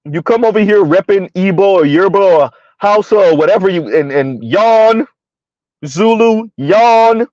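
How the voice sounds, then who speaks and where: A high-voiced man doing blunt, mocking live-stream commentary and reading chat comments, laughing often. His voice sounds dull and lo-fi. The recording is dry and close. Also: animated, unhurried, a little mellow, no echo. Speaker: online commentator.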